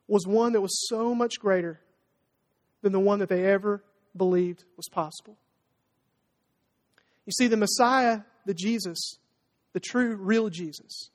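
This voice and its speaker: A preacher in full sermon mode, leaning hard on key words and tossing rhetorical questions to the congregation. The voice sits at a middling pitch. A long reverb hangs behind every phrase. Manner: emphatic, rhetorical call-and-response questions.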